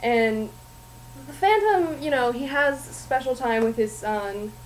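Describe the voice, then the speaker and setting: A woman's voice: fairly high pitch, animated, slow, slight background noise, rough recording. A young woman casually and sarcastically recapping a story for her roommates, often laughing and rambling. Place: home at night.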